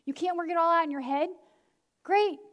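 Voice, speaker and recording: A middle-aged woman preaching a lively sermon, laughing often and acting out the people she quotes. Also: very high voice, normal speed.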